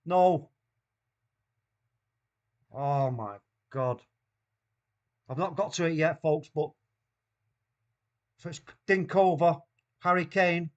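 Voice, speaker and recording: A man with a Mancunian accent hosting a live football watchalong, reacting loudly and excitedly to the play. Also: a little high, takes it slowly, long pauses, highs cut off. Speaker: watchalong host.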